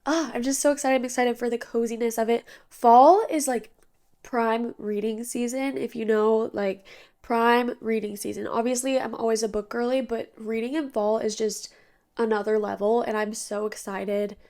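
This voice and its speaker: A woman's voice: a little high, fairly even intonation, normal speed, dark tone. Tired, nasal young woman chatting. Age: 20s. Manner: chatty, bubbly, lots of "like". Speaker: podcast host. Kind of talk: casual chat. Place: bedroom with blinds drawn.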